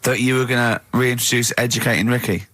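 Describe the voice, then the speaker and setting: A man's voice: mid-range voice, fairly even intonation, fast, fairly bright tone. A man hosting a radio show, teasing and mocking his co-hosts with frequent laughs. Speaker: radio host. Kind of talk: comic banter on radio. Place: radio studio. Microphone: studio mic.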